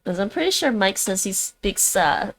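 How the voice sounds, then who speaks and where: A woman's voice: mid-range voice, very animated, moderate pace, gravelly, fairly bright tone. A woman whose first language is Dutch, chatting casually on a livestream as she practices words aloud and thinks through them. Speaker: streamer learning languages.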